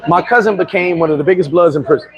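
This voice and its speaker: A middle-aged man telling a story casually on a livestream, boastful and animated, laughing and swearing often. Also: a little high, fast, dull audio, noisy background. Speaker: vlogger.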